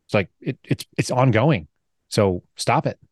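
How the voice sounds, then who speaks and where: A man hosting an interview, telling anecdotes in a brisk, conversational way. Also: medium pitch, expressive, dry recording. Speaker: podcast host. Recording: dry close mic.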